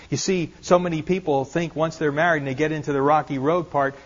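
An earnest male preacher delivering a sermon with a slightly raised pitch. He presses his points with repeated rhetorical questions and drops in small self-deprecating jokes. The recording sounds dull and lo-fi. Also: fairly even intonation, brisk, hardly any pauses. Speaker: pastor.

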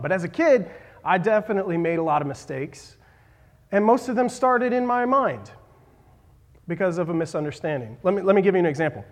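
A man in his thirties gives a sermon from a church hall, his voice a bit high for a man. He speaks haltingly, with many fillers, restarts and self-deprecating asides. A long reverb hangs on every phrase. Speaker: pastor.

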